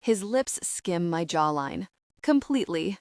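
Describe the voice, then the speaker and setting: Woman, audiobook narrator, first-person romance, slightly low pitch, flustered tone, dry close mic. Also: expressive, normal speed, no echo.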